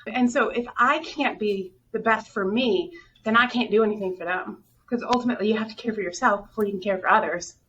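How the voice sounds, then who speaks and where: A woman's voice: mid-range voice, fairly quick, fairly bright tone. A middle-aged woman, a hospital director, talking candidly and earnestly in an interview, sometimes near tears. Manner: earnest, openly emotional storytelling. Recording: dull, distant audio with faint noise.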